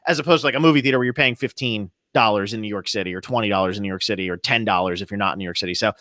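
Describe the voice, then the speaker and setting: A man co-hosting a podcast, talking in animated, rambling asides. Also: on the low side, rapid-fire, no room sound. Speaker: podcast co-host. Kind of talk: casual podcast chat.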